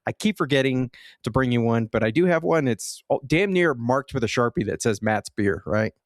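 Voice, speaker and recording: A man's voice: medium pitch, lively intonation, normal speed, no echo, studio quality. A man co-hosting a casual video game podcast, laid-back and joking, with some swearing. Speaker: podcast co-host.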